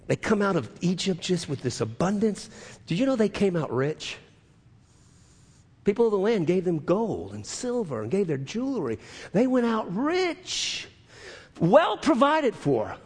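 A man preaching a sermon, moving from hushed asides to loud, emphatic declarations with drawn-out stressed phrases. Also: on the high side, slightly rough. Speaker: pastor. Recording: long hall reverb.

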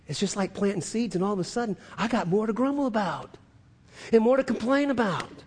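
Male pastor, slightly high voice, sermon with dynamic swings, long hall echo. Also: expressive, brisk, husky. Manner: swings from hushed asides to loud emphatic preaching.

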